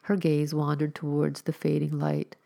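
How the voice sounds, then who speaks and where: Low, gravelly woman reading a story aloud. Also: flat delivery, normal speed, mellow.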